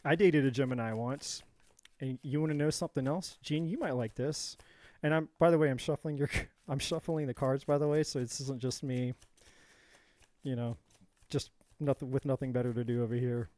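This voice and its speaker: A man hosts a casual live tarot reading, rambling, joking, drifting onto tangents and addressing viewers directly by name. His mid-range voice is fairly even in intonation and darkish in tone, at a normal speed, with no room sound.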